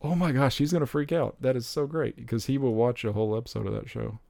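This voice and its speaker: Excitable young man with a gravelly voice. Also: mid-range voice, quick pace, dry recording. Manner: excitable, rambling, with frequent exclamations. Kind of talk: casual chat about upcoming movies.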